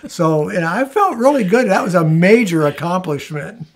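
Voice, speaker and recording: A middle-aged man with a somewhat higher voice chats casually and easily. He rambles a little and restarts his sentences as he goes. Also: lively intonation, normal speed. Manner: rambling, self-correcting, easygoing. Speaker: co-host of a frugal living channel. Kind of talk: casual chat.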